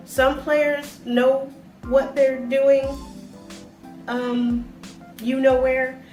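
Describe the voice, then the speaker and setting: A chatty travel vlogger in her forties rambles through a casual chat with lots of fillers, her voice on the high side. The mic sits far away in an echoey room, with faint music in the background.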